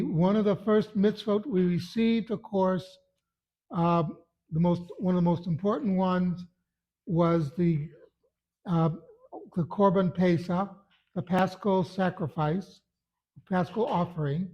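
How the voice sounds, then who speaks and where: A man's voice: high-pitched, dull audio. A man who is a religious teacher, giving a short Torah talk in an earnest, emphatic storytelling manner.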